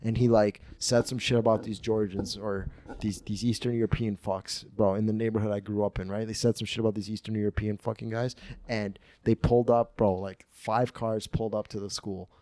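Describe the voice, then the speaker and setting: A man in his twenties hosting a comedy podcast, telling stories in a profane, slangy, animated way and acting out voices. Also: lowish voice, a little fast, dry recording. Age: 20s. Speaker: podcast host. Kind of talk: casual comedic storytelling.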